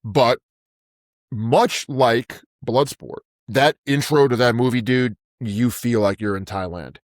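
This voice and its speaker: Guy on a podcast, emphatic, keeps saying dude, medium pitch, dry close sound. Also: slow, no echo. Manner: emphatic, repeats words, says "dude" and "okay?". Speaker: podcast co-host. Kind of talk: casual chat.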